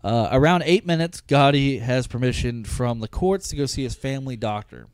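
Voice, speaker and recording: A man's voice: mid-range voice, normal speed, clear, resonant tone, no room sound, clean studio sound. A man co-hosting a casual movie-review podcast, telling scenes with profanity and mimicked quotes. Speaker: podcast co-host.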